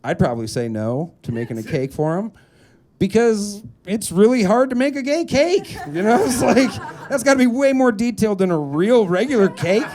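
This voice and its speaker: A young man performs stand-up on a club stage. His voice sits high and leaps all over the place as he tells the story. He is animated throughout and keeps sliding into exaggerated character voices. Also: moderate pace, slight background noise. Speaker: stand-up comedian. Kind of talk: stand-up comedy set. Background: audience laughter.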